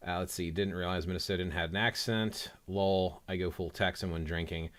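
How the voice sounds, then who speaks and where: Male livestream host, lowish voice, chatty and opinionated. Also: steady tone, normal speed, fairly bright tone. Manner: opinionated, conversational, teasing. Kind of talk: casual livestream discussion.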